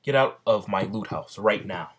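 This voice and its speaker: A man voicing a gruff, protective old giant in a blunt, plain read. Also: lowish voice, lively intonation, normal speed.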